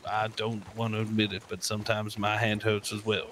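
Laid-back low-voiced cowboy man. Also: completely flat delivery, brisk, a bit bright. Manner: drawling, laid-back Western cowboy talk. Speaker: roleplayer playing a gunslinger. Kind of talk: in-character roleplay chat.

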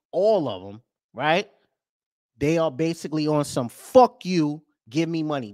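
A man hosting a podcast, ranting over news clips with profanity and rhetorical questions, swinging between loud and soft. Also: fairly high pitch, no room sound, studio quality. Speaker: podcast host.

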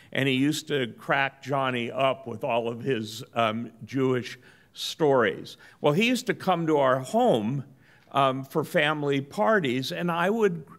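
A middle-aged man from Southern California giving a business lecture in a measured, good-humored storytelling manner. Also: mid-range voice, fairly bright tone. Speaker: guest lecturer.

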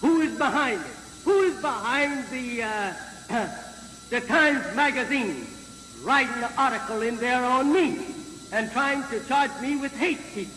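A man preaching to a live audience in a slow, emphatic way, often asking the crowd whether he is right and pausing on fillers. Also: very high voice, bright, forceful tone. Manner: slow, emphatic, repeated rhetorical questions to the crowd; halting with frequent fillers and restarts. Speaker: religious leader addressing a crowd. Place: large hall with an audience. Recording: echoey hall, noisy 1950s archive recording.

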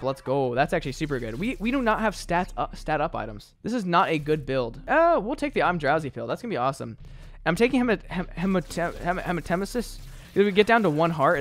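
A man streaming a video game, giving casual running commentary, often exasperated and mocking himself. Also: fairly high pitch. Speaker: gaming streamer. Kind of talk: casual let's-play commentary.

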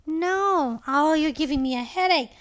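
Woman, 30s, very high pitch, animated gameplay commentary, playing with her child. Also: unhurried. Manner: animated, frequently exclaiming and calling for help. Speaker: parent playing a video game with her child.

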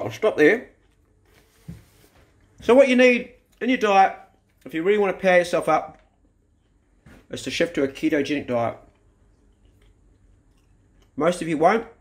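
A man's voice: fairly high pitch, expressive, normal speed, long pauses, breathy edge. A man talking bluntly and emphatically to camera, swearing freely while he makes his points. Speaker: vlogger. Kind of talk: casual opinionated talk to camera. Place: outdoors in a garden, then indoors.

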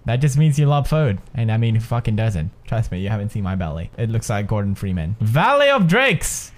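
A man's voice: fairly low pitch, fast. A young man with a Swedish accent commentating on a video game as he plays, joking, swearing, muttering to himself and yelping when things go wrong. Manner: excitable, jokey, swings from mutters to yelps. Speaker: gaming video host.

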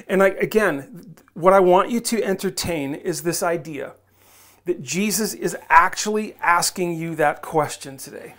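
A pastor preaching a sermon in a relaxed, conversational way, coaxing listeners and acting out the voices they might hear in their heads. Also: mid-range voice, measured pace. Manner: conversational, coaxing, asks the audience directly; acts out quoted inner voices.

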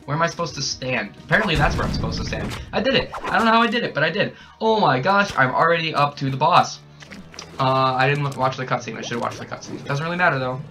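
A young man hyped up on energy drinks, narrating his gameplay, yelling and cackling at every death and win. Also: a little high, fast talker, music in the background. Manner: excitable, shouts and cackles at the game. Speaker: gaming channel host. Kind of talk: hyper gameplay commentary. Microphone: desk mic with a camera nearby.

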